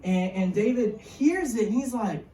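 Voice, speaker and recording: A woman's voice: medium pitch, expressive, a little slow, mellow, a little hiss or hum. A woman giving a casual, joking sermon to young people in a church hall. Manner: jokey, chatty, slangy. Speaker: youth speaker. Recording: roomy hall, mic far off.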